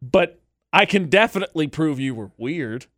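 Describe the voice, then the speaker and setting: A man's voice: fairly high pitch, animated, moderate pace, fairly bright tone, no echo, clean studio sound. A man co-hosting a radio show, teasing his co-host with playful jokes in casual banter.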